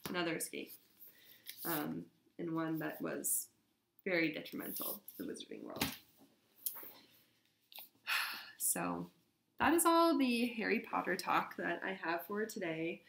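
A woman's voice: on the low side, very animated, a little slow, creaky, pauses often, fairly bright tone, a little hiss or hum. A woman hosting a podcast, reading a story aloud and chatting casually with fillers. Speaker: podcast host. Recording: roomy echo.

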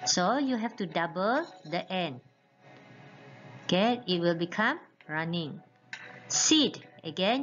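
A woman teaching an English grammar lesson, patiently spelling out letters and often checking in with "okay". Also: mid-range voice. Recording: muffled lo-fi recording with faint music.

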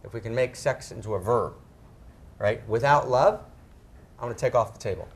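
A middle-aged man speaking to a live audience, emphatic, often tagging his phrases with "right?" and slowing down to stress key words. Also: medium pitch. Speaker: speaker on spirituality and sexuality. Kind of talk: animated talk to a live audience.

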